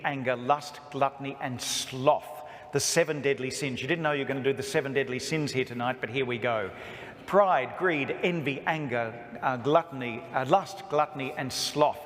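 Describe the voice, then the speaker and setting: A priest from Australia giving an emphatic talk to a parish, with humor and stories woven in. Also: male voice, mid-range voice, a bit bright. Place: church. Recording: echoey church hall reverb.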